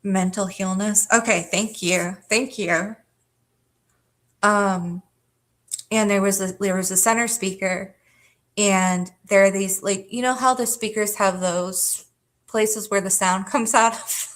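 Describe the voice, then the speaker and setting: A woman with a medium-pitched, steady voice takes it slowly while hosting a livestream. She rambles through a personal story to her chat, casual and profane, with plenty of fillers and frequent laughter.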